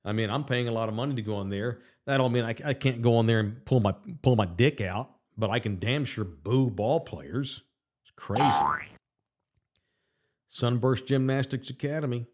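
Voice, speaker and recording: Male sports talk host, middle pitch, ranting bluntly with swearing. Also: normal speed, darkish tone. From Texas. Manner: blunt, heated, profane ranting. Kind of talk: casual opinionated sports talk.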